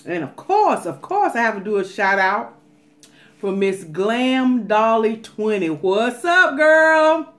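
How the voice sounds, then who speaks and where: A woman from Atlanta, chatting casually to her viewers in a mukbang vlog, animated and talkative, sometimes dropping to a whisper. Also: mid-range voice, a little slow. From Atlanta, USA. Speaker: mukbang vlogger.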